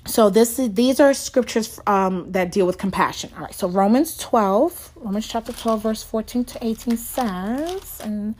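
This is a woman talking straight to her viewers in a casual devotional. Her voice sits at an ordinary middle pitch. She sounds earnest and heartfelt, emotional and a little halting as she works through her thoughts. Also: a little mellow. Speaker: devotional speaker.

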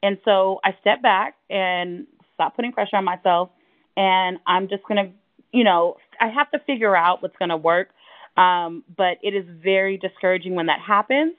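A woman co-hosting a casual chat, telling animated stories and acting out quotes in high voices. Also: normal speed, no echo. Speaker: podcast co-host. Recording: tinny phone-like remote line.

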